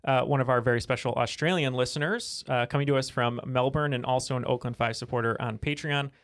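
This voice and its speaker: A man's voice: medium pitch, quick pace, a bit bright, clear, resonant tone. A man co-hosting a trivia podcast, joking and chatting loosely with lots of fillers. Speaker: podcast co-host and scorekeeper. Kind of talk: casual chat.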